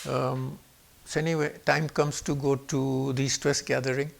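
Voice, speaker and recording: A man in his seventies from Pakistan, telling personal stories in an animated way and shifting his voice to act out what others said. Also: mid-range voice, normal speed, gravelly. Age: 70s. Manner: animated, acts out quoted speech with shifts in voice. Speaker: guest speaker. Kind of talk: personal storytelling.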